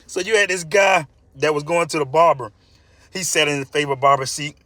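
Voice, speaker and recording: Hyped man telling jokes, bright voice. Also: on the high side, steady tone, normal speed, dry recording. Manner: hyped and conversational, laughs at own jokes. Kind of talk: casual joke telling.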